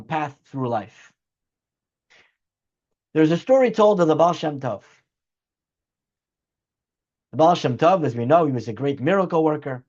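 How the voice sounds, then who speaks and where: Male rabbi, high-pitched, earnest storytelling lecture, muffled lo-fi sound. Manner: earnest, acts out dialogue in story. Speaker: rabbi teaching a weekly class.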